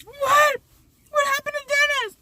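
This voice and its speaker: Shrill freaked-out mom yelling way up high, a woman putting her on, dry close sound. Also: little pitch movement, measured pace, dry recording, heavily acted. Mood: panicked. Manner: shrieking, near tears. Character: panicked middle-aged mother, shrill and frantic.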